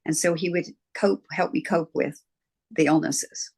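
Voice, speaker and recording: Brief: older woman guest, reflective storyteller, slightly low pitch. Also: fairly even intonation, measured pace, vocal fry, a little mellow, slightly rough. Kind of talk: interview storytelling.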